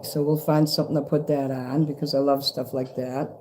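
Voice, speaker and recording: Filming on a handheld camera, a vlogger unboxes a fan's package at home, chatting casually to the lens, rambling, swearing and easily pleased. His mid-range voice is level, brisk and a little mellow. A little hiss or hum is present.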